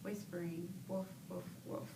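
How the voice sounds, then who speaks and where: A woman's voice: a little high, steady tone, creaky. A woman playing a patient mother with a toddler. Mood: playful. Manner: slow, barking like a dog for the child. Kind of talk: scripted parent-child role-play. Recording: echoey room, distant mic, noisy.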